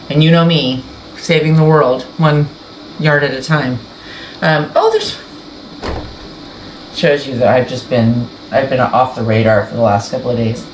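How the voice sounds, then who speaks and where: A woman hosting a sewing channel, chatting casually and rambling as she shows her quilting project. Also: low-pitched. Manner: rambling, self-interrupting, chatty. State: tearful, emotional. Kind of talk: casual sewing vlog chat. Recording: echoey room with faint background noise.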